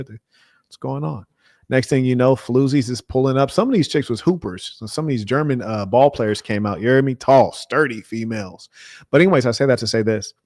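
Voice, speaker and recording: Telling his story in a lively, sneering rant, an American male streamer voices each character's lines in a creaky, medium-pitched voice. It's a studio-quality recording with no echo.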